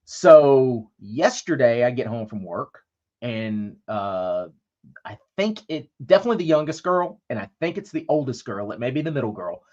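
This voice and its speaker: A man's voice: medium pitch, expressive, moderate pace, darkish tone. Guy on a podcast rambling thru a story, swears a ton, kinda muffled lo-fi sound. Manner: profane, rambling anecdote with acted-out quotes. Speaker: podcast co-host. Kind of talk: casual storytelling chat.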